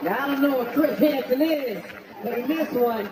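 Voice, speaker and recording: A man doing a stand-up roast, brash and profane, shouting his punchlines. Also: very high-pitched, normal speed. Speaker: comedian at a roast. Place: stage before a live audience. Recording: roomy venue with crowd laughter.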